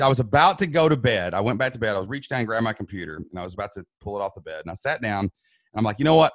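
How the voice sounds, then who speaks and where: Male guest, 30s, casual and lively storyteller, dry close mic. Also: lowish voice, dry recording. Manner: animated, says "dude" and "man". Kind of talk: emotional storytelling.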